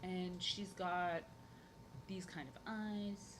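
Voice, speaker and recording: A woman's voice: fairly low pitch, fairly even intonation, very slow, background noise. A woman streaming as she draws, chatting casually in a rambling, jokey way and repeating her phrases. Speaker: live-streaming artist. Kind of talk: casual chat while drawing on stream.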